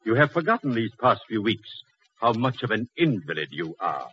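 A stern, husky domineering father. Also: fairly low pitch, big pitch swings, normal speed. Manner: stern, condescending. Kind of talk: 1940s radio acting. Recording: lo-fi old radio recording.

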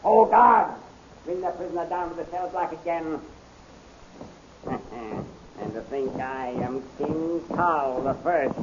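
A man's voice: on the high side, measured pace, dull audio, natural voice. An actor playing a smug, chuckling usurper king in a 1930s radio serial. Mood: gloating. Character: gloating scheming male usurper king. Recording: scratchy 1930s radio recording.

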